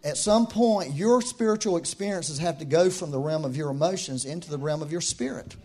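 A man preaching a sermon in a conversational, animated way, with asides and laughs. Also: fairly high pitch, a little fast.

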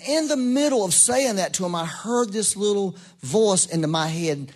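A middle-aged pastor with a high-pitched voice preaches a sermon in a folksy storytelling style, acting out the voices he quotes with animation. He speaks at a moderate pace with few pauses.

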